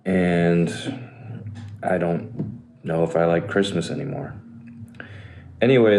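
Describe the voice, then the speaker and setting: Deep-voiced man in an echoey room. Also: darkish tone. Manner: rambling, self-deprecating. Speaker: podcast host. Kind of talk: casual ad read. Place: room above a restaurant. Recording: echoey room with faint noise.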